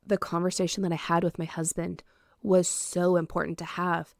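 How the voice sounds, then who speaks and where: A woman's voice: fairly low pitch, little pitch movement, moderate pace, vocal fry, no room sound, clean studio sound. A young woman hosting a podcast, a doula and childbirth educator telling her own birth story in an earnest, heartfelt, emphatic way. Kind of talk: personal storytelling monologue.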